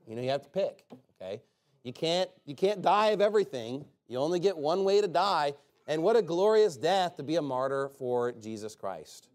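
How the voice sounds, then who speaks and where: A man's voice: on the high side, expressive, moderate pace, a little mellow. A man preaching an informal sermon in a sarcastic, rambling way with joking asides.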